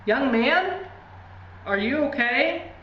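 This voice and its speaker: A woman doing a gentle, concerned nurse. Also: mid-range voice, animated, normal speed, lightly acted. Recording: distant, echoey, dull, faint hiss.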